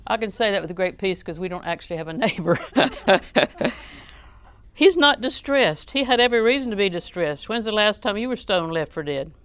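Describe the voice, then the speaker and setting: A woman's voice: medium pitch, lively intonation, moderate pace, clear, resonant tone. A woman preaching a sermon in a conversational, joking way, often questioning her audience.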